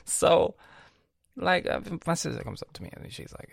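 A 20-year-old man rambles through a casual, profane vlog in a fairly high, animated voice that is creaky and measured, with long pauses. He's full of slang and restarts, and on the close mic in this dry recording you can hear him breathing.

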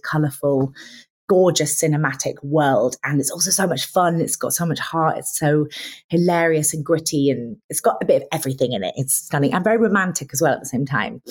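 Low-voiced actress, effusive and enthusiastic in chat. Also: female voice, darkish tone, husky. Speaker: actress guest. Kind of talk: casual interview chat.

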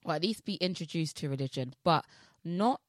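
A woman's voice: low-pitched, animated, moderate pace, no room sound, clean studio sound. A young woman co-hosting a podcast in casual chat, rambling with many fillers and restarts. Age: young adult. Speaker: podcast co-host.

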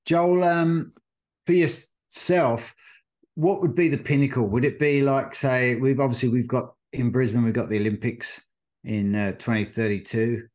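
A man's voice: mid-range voice, steady tone, unhurried, a little mellow. A man, a co-host asking loose, rambling questions in a casual interview. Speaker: podcast co-host.

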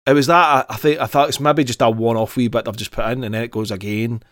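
A man's voice: mid-range voice, steady tone, fast, no room sound, studio quality. A Scottish man co-hosting a podcast, chatting casually in a sweary, ranting way. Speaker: podcast co-host. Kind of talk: casual chat.

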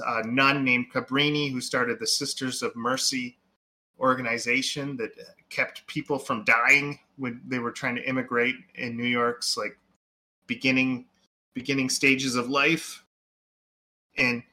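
A man co-hosting a relaxed movie podcast, talking in loose, rambling sentences full of fillers. His voice is bright and of middle pitch. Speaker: podcast co-host. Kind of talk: casual movie chat.

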